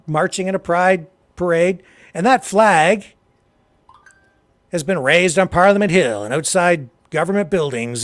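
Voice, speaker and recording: A Canadian man hosting a political talk show, delivering impassioned commentary that swings from low, quiet remarks to loud, emphatic outbursts. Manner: heated, addresses a co-host directly.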